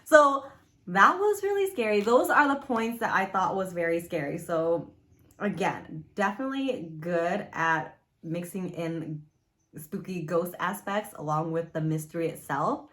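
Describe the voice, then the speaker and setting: A young adult woman casually reviewing a book from her room at home, chatty and animated, easily spooked, with lots of fillers. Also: on the low side, measured pace.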